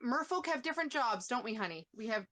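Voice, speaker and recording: A Canadian woman hosts a casual live interview, her voice slightly high. She gushes with feeling, full of ums and restarts, at times near tears. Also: animated, fast, sharp tone, a little hiss or hum. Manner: gushing, emotional, many fillers and restarts. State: tearful. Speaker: host.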